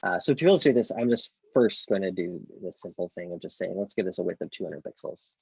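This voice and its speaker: Low gravelly man teaching code. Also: animated, fast talker, darkish tone, dry recording, rough recording. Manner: thinks aloud with many ums, self-corrections. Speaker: coding instructor. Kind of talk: casual live-coding tutorial.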